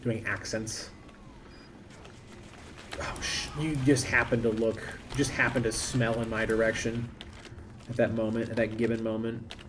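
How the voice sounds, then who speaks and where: A man from the United States giving rambling, self-interrupting live commentary while he plays an online game, with sudden loud bursts of excitement. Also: lowish voice, a little slow, long pauses, background noise. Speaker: game streamer. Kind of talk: casual live-stream commentary while gaming.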